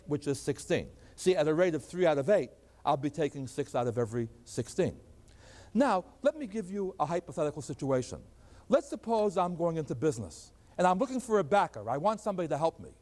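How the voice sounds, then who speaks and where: A man's voice: fairly high pitch, a little mellow, in a large hall. An older man teaching a math lecture at the board, asking questions and answering them himself.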